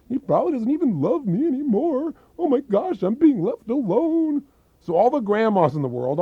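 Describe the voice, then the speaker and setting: Energetic man giving an infomercial pitch. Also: gravelly, dry recording. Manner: energetic, emphatic and persuasive. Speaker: program presenter. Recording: dull, dry lo-fi recording.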